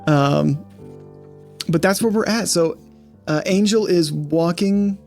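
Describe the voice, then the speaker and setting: A man's voice: high voice, slow pace, vocal fry, darkish tone, soft background music. A man running a tabletop game as game master, rambling with many fillers and reading out prepared scene text.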